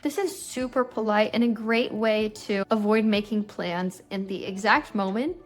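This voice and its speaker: A woman giving a casual English lesson, explaining phrases and slowing down to say example sentences clearly. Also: mid-range voice. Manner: friendly explaining, slows down to model example phrases. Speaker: English teacher.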